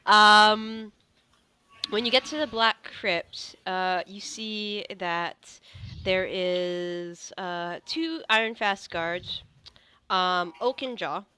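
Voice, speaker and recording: A woman's voice: mid-range voice, extremely slow, pushed and bright, slight background noise. A woman narrating a tabletop game as game master, rambling with many fillers and restarts.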